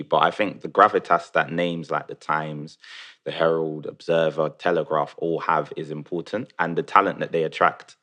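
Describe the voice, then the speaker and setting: A man's voice: very deep voice, steady tone, moderate pace, bright, forceful tone. A young man in his twenties, a newspaper journalist, talking in a casual round-table chat. He sounds upbeat and rambles with many "you know"s. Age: 20s. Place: kitchen table.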